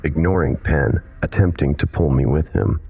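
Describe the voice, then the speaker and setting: A man reads a horror story aloud in measured, dramatic scripted narration. His voice is extremely deep, with a rough, husky grain. Faint music plays underneath. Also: dark tone.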